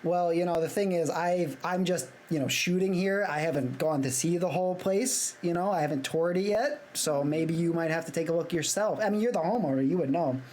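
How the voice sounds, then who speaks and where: A man's voice: on the high side, fairly quick, few pauses, a little mellow. A young man co-hosting a comedy podcast, rambling and sarcastic in casual banter. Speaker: podcast co-host.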